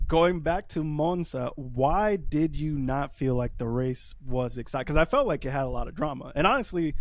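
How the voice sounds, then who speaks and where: A man's voice: fairly high pitch, lively intonation, moderate pace. A man hosting a casual motorsport podcast, greeting and questioning his guest in an upbeat, eager way. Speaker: podcast host.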